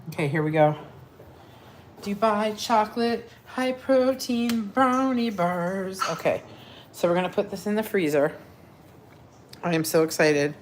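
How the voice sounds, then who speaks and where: A woman hosting a casual live cooking demo from her home kitchen, chatty and scattered, talking straight to her viewers. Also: sits low. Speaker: weight-loss coach hosting a live cooking stream. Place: home kitchen with pets and family about. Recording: echoey room with clear background noise.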